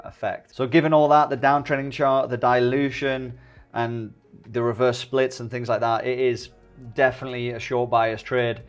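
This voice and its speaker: A man giving a casual, jokey trading tutorial, speaking directly to his viewers as he goes over a chart. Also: mid-range voice. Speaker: stock trading YouTuber.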